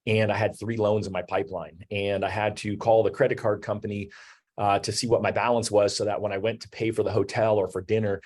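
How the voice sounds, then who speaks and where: Low-voiced man hosting a business webinar. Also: flat delivery, fairly quick, a little mellow, slightly rough. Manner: conversational, many fillers like "you know" and "um". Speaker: host. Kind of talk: webinar talk.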